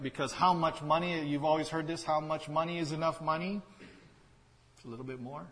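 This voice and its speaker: A man preaching to his congregation, talking plainly with dry asides and driving his points home through repetition. His voice sits at an ordinary middle pitch. The sound carries a long reverb, as from a church hall. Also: a bit bright. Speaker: pastor. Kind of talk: sermon.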